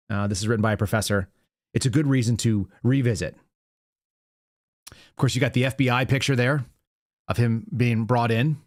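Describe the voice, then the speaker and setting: A man's voice: mid-range voice, a little fast, long pauses, no echo, clean studio sound. A man hosting his own show, talking casually in a monologue and often repeating words as he restarts. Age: adult with young child. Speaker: podcast host.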